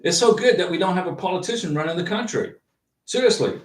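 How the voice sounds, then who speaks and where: A man hosting a livestream, chatting casually and reading out viewer comments in an animated, rambling way with many restarts. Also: high voice, quick pace, far from the mic. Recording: roomy echo, from off the mic.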